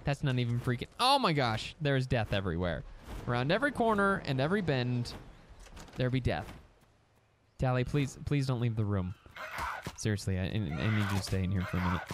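Animated man rambling over gameplay. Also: mid-range voice, fairly quick, slight background noise. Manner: chatty, animated, prone to excited yelps and stammered restarts. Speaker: gaming channel host. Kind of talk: casual gameplay commentary. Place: home recording setup.

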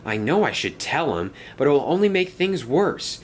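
A man's voice: on the high side, very animated, normal speed, slight background noise, pitched above the performer's own voice. A man voicing a thoughtful male steam engine who talks in an earnest, cautious way. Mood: resolute.

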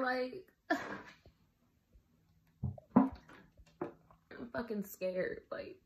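A woman's voice: lowish voice, unhurried, heavy background noise. A young woman, sick and exhausted, recording a video diary as an emotional, profane rant. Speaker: vlogger.

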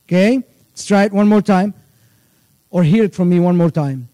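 A man teaching children a church chant, patiently repeating each line and singing it out slowly. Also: high voice, lively intonation, mellow, no echo, rough recording. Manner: patient, repeats phrases slowly, sings the verse drawn out. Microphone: livestream.

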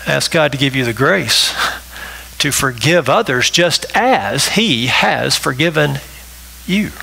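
A man's voice: medium pitch, lively intonation, takes it slowly, creaky, bright, forceful tone, breathy edge, poor audio. A male pastor delivering a sermon, emphatic and repetitive, often checking in with the congregation with a rhetorical "right?".

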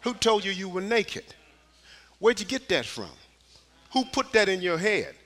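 A man preaching a sermon in church, dropping to a hush and climbing to shouted, repeated rhetorical questions with folksy street phrasing. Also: high voice, very animated, measured pace. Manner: preaching with swings from hushed to shouted calls. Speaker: pastor. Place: church sanctuary.

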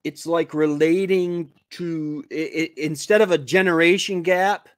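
A man's voice: a little high, steady tone, unhurried, no echo, clean studio sound. A man in his fifties hosting a homestead live stream, chatting casually in a rambling way with lots of fillers and restarts. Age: 50s. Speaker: homestead show host. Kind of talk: casual livestream chat. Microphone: computer mic on a live stream.

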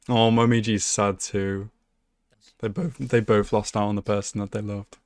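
A man's voice: on the low side, fairly even intonation, takes it slowly, long pauses, a little mellow, dry recording. A young man hosting an anime reaction video, talking casually and emotionally, swearing and laughing often. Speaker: anime reaction channel host.

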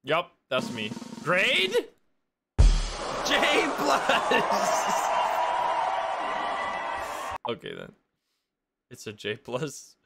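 A man's voice: mid-range voice, huge pitch swings, extremely slow, gravelly, long pauses, loud music behind the voice. A man casually commentating a video game livestream, self-mocking and swearing often. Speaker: streamer playing a video game.

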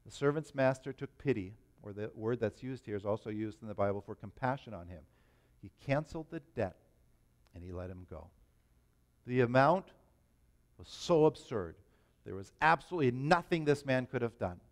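A pastor preaching a sermon in a church, talking in an animated, emphatic way. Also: male voice, medium pitch, normal speed. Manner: animated, emphatic, rising to stress points.

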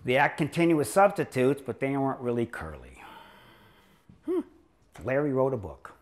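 A man's voice: mid-range voice, wildly swooping pitch, normal speed. An older man lecturing as a chiropractor, telling rambling stories in a sarcastic, joking way. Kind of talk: humorous lecture storytelling.

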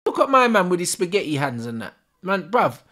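A man's voice: high-pitched, very animated, fairly quick, sharp tone. Furious swearing man. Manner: furious, swearing constantly, slangy. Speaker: football fan channel host. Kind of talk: live match reaction rant.

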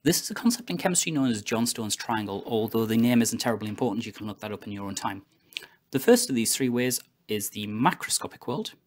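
A man narrating a scripted chemistry lesson, explaining in a clear, measured way and stressing the key terms. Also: medium pitch. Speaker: chemistry educator.

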